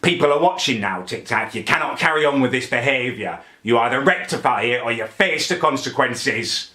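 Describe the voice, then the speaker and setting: A man's voice: mid-range voice, expressive, normal speed, pushed and bright. A man playing a petty, self-righteous young man who rants indignantly to camera in a comic vlog. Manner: indignant, pompous, builds into angry outbursts. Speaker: comedy character vlogger. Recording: echoey room.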